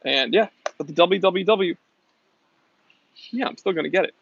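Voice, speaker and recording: A man's voice: high-pitched, expressive, moderate pace, vocal fry, a bit bright, muffled recording, slight background noise. A young adult man hosting a casual live stream, reading out viewer comments in an upbeat, chatty way. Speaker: host.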